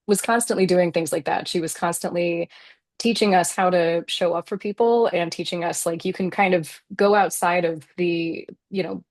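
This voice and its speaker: A woman novelist appears as a guest in a casual interview, speaking earnestly and reflectively with many "like" fillers. Her voice is fairly low and steady at normal speed, a little mellow, on a dry recording.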